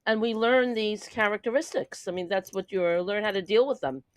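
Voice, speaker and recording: An older woman hosting an interview, summing up her guest's points in a halting way with frequent fillers. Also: mid-range voice, no room sound. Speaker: host.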